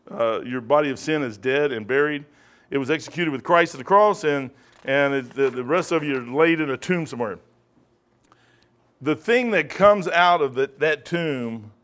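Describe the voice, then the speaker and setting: A man's voice: mid-range voice, a bit bright. A man, a pastor, teaching a casual Bible study in a rambling, conversational way, often throwing in "man.".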